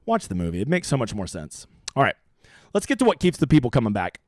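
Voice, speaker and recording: A man's voice: mid-range voice, wildly swooping pitch, fast, no room sound, clean studio sound. A brash young man hosting a profane, rambling live stream about fantasy golf strategy.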